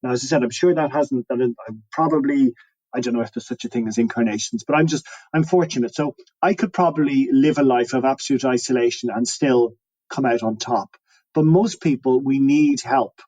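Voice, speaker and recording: A man's voice: medium pitch, a little fast, a little mellow, highs cut off. A man talking as an interview guest, musing and reflective, often restarting his sentences. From Ireland. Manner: musing, many restarts and trailing phrases.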